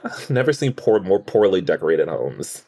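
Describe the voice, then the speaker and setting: A man co-hosting a casual chat podcast, talking with a lively, swinging pitch that sits low in his register. He swears freely and keeps dropping into quick impressions of the characters as he recaps the episode. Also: gravelly. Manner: animated, profane, acts out characters' lines. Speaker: podcast co-host.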